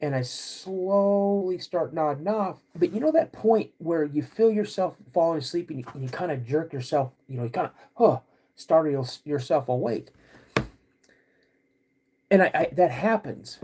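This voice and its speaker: A man tells a personal story on his podcast, halting and restarting as he relives it. His voice is husky and dark, mellow in tone. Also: on the high side. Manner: halting, vivid retelling with restarts. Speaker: podcast host.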